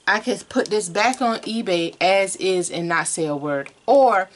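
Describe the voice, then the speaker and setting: A woman chats casually and candidly, owning her mistakes with easy self-deprecation. Her voice sits at a middle pitch for a woman. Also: animated, a little slow. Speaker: co-host, toy collector. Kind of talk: casual chat.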